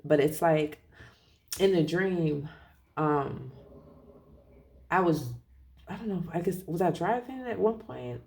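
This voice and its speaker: Sharing a tarot reading, someone rambles casually, often correcting themself and laughing softly. The voice is mid-range, animated and gravelly, moving slowly with frequent pauses.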